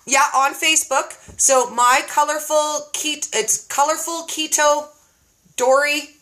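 A woman's voice: high voice, steady tone, measured pace, pushed and bright. A woman hosting a casual live stream, bubbly and laughing often. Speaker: host.

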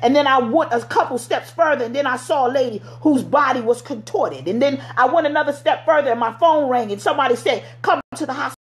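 A woman's voice: high-pitched, fairly quick, hardly any pauses. A middle-aged woman preaching a sermon, fervent and exhorting, slipping into everyday vernacular as she urges her listeners.

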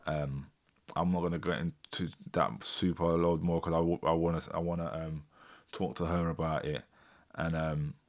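A man's voice: deep voice, level tone, normal speed, hardly any pauses. Casual man hosting a live stream. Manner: chatty, frustrated with tech glitches. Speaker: host.

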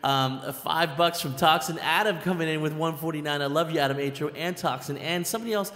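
A man hosting a band's live stream in casual chat, excitable and rambling, with lots of fillers and restarts. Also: on the high side, fast. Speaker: band leader and live stream host. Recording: echoey room with long reverb.

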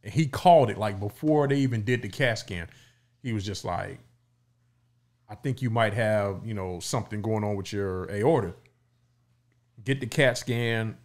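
A man's voice: fairly low pitch, normal speed, pauses often, darkish tone. A middle-aged man co-hosting a podcast, telling his story in a loose, casual way with the odd swear. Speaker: podcast co-host.

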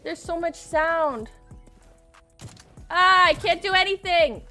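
A young woman doing casual commentary while playing a shooter game, excitable and screaming often, laughing and swearing between calmer stretches. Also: very high voice, slow pace, soft background music. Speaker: gaming streamer.

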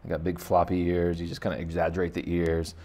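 Speaking fast in a low, slightly mellow monotone, a man teaches kids to draw. The art teacher keeps the lesson casual, rambling and jokey, thinking aloud while he sketches.

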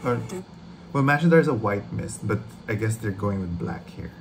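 Excitable man gushing through a reaction. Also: fairly low pitch, moderate pace, vocal fry, soft background music. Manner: gushing, excitable, swears freely, rambles. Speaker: reaction video host. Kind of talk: casual trailer reaction.

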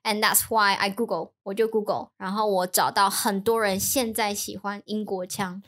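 A woman whose first language is Mandarin, a teacher co-hosting a casual podcast, telling stories lively and mixing in English. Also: mid-range voice, moderate pace. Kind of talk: casual bilingual chat.

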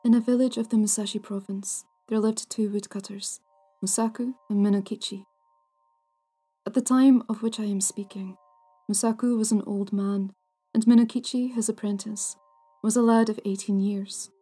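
A woman hosting a folklore podcast, narrating a ghost story in a hushed, half-whispered, deliberate way. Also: medium pitch, fairly even intonation, husky. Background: soft music.

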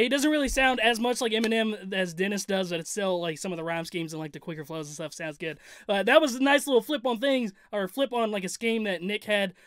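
A man's voice: high-pitched, a bit bright, clear, resonant tone, dry recording, studio quality. A man hosting a reaction channel, commenting casually on a rap song with a laid-back, rambling manner and easy laughter.

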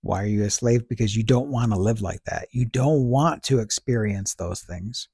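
A man's voice: fairly low pitch, normal speed, mellow, husky, no room sound, studio quality. A man hosting a podcast, talking through ideas in a casual, reflective monologue, posing rhetorical questions and answering them himself. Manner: conversational, fillers like "you know" and "right". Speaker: podcast host.

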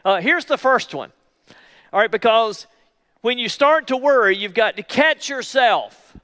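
A male pastor preaching a sermon in an emphatic way, repeating key phrases slowly for weight. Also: very high-pitched, animated, bright, forceful tone, long reverb tail. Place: church.

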